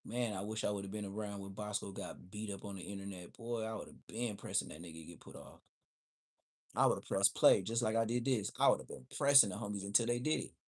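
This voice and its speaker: Animated man telling street stories. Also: fairly low pitch, slightly rough. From Los Angeles area, USA. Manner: profane, slangy, quick to act out quotes. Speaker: livestream host.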